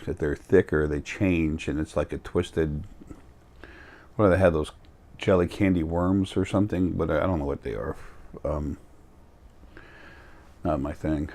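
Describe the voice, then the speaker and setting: Deep-voiced blunt rambling man. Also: a little mellow. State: tired. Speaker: vlogger. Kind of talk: casual monologue to camera.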